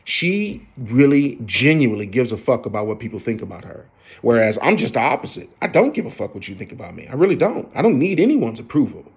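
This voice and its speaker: A fifty-year-old man tells a rambling confessional story straight to his viewers. His talk is profane and loose, full of fillers, false starts and asides. He sits at a middling pitch for a man. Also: very animated, a little fast, creaky, slightly rough. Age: 50s. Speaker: vlogger.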